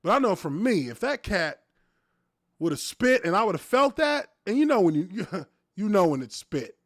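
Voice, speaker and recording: Cussing ex-lineman guy on a live stream, high-ish voice, dry close sound, laughs a lot. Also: sing-song, moderate pace, dry recording. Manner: profane, laughing, storytelling. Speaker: podcast host, former offensive lineman. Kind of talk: casual live-stream talk.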